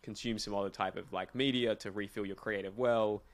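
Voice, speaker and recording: A man's voice: lowish voice, steady tone, fairly quick. A man hosting a casual podcast about writing, talking in a friendly, reflective way. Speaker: podcast host.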